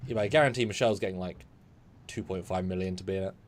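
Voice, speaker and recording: British man, co-host, casual live-stream chat, animated, slightly low voice. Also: rapid-fire. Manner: animated, acts out scenes in bursts.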